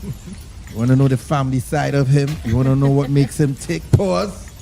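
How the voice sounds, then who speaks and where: A man with a Trinidadian accent hosting a podcast in casual chat, excitable and quick to laugh and interrupt. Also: medium pitch, gravelly, faint music behind. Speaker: podcast host.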